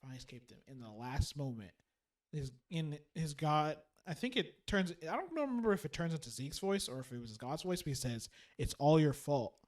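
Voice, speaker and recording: Animated man retelling a story. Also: on the high side, a little fast. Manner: animated retelling, acting out quotes. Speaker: podcast co-host. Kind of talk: casual chat.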